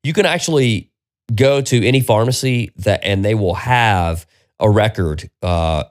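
A man's voice: lowish voice, a little slow. A man hosting a solo podcast, ranting with exasperation and plenty of profanity. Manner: profane, exasperated, animated rant. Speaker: podcast host.

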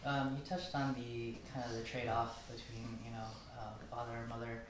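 A man attending a parenting class, asking a question in a halting way as he searches for words. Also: mid-range voice, little pitch movement, noisy background. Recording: echoey room, mic far off.

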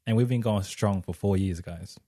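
A young Australian man co-hosting a casual couple's vlog, joking and teasing his partner with quick asides. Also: low voice, mellow, no room sound, studio quality. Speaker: vlog co-host.

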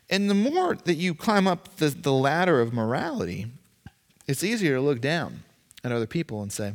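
Lively preacher in an echoey hall. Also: male voice, fairly high pitch, normal speed. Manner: animated, emphatic, acts out voices. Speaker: pastor. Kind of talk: sermon. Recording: long reverb, echoey hall.

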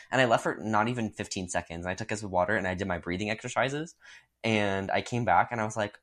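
Animated young man telling work stories. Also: brisk. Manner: animated storytelling, jumps into high-pitched voices for quotes; laughs often. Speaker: podcast co-host. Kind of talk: casual chat.

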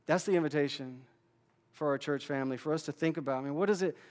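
High-voiced pastor preaching casually. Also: male voice, fast. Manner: conversational, repeats words when restarting. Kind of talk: sermon.

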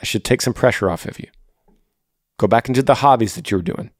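A man's voice: mid-range voice, quick pace, no echo, clean studio sound. A man hosting a podcast, reading ads and giving earnest, fatherly advice to listeners in a casual way. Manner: earnest, fatherly, repeats himself. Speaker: podcast host.

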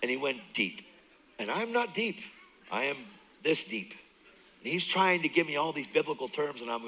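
Male guest preacher with a bright, forceful voice, animated testimony with loud bursts and hushed asides. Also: on the high side, moderate pace, big-room sound, slight background noise, rough recording. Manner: animated storytelling, jumps between loud and hushed; laughs often, talks straight to the crowd. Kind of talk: sermon, personal testimony. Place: church service.

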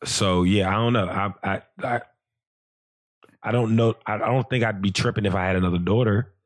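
Dude on a podcast, low voice, chill and slangy, lots of ums. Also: male voice, a little fast. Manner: relaxed, slangy, reflective, with many fillers. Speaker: podcast guest. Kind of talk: casual chat.

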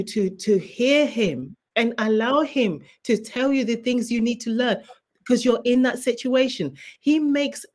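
A woman's voice: on the high side, darkish tone. A woman who is a guest author, sharing a fervent faith testimony in an interview. She speaks like a preacher and repeats key phrases for emphasis.

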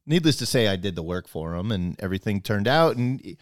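A man's voice: lowish voice, lively intonation, a little fast, no echo, studio quality. A man telling a long personal story in casual chat, rambling, restarting his sentences, and acting out both sides of the conversation.

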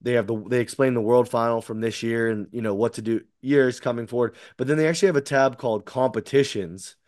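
A man's voice: medium pitch, fairly even intonation, quick pace, darkish tone, dry recording, clean studio sound. Rambling man in casual podcast chat. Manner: rambling, lots of fillers and restarts. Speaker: podcast co-host.

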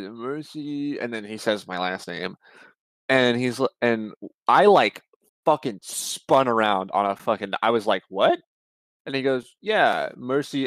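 A man's voice: medium pitch, dry recording. Young man rambling through a story. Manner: rambling, swears a lot, many fillers and restarts. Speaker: podcast co-host. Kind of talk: casual storytelling chat.

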